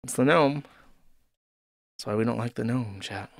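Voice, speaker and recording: A man's voice: medium pitch, normal speed, creaky. A man hosting an online commentary show, ranting sarcastically with heavy profanity and rambling asides. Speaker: commentary host.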